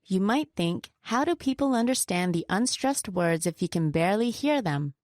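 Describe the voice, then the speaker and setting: A woman teaches word stress in a scripted lesson, with a middle-pitched voice. She says example words slowly and deliberately. The recording is dry and close, with no room echo. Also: expressive, darkish tone. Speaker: pronunciation teacher.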